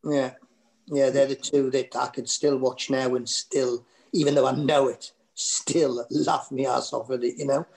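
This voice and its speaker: A man's voice: medium pitch, level tone, a little slow, gravelly, a little mellow, rough recording. A middle-aged man with a Geordie accent, a comedian telling stories in a casual interview, rambling with lots of fillers and restarts. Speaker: comedian guest.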